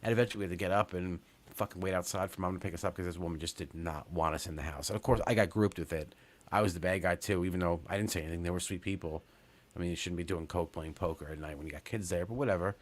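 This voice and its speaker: A man's voice: low voice, fairly even intonation, very fast. A man in his forties from Long Island, telling a rambling, profane story on a comedy podcast, full of fillers and restarts. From Long Island, New York. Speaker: podcast co-host.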